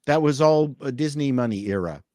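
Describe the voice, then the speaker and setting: A mid-pitched man talks loosely on a panel show, circling back and restarting his points. His voice is dry, with no room sound. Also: expressive, normal speed, a little mellow, no room sound. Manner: rambling, restarts and hedges. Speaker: podcast panelist. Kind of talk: casual chat.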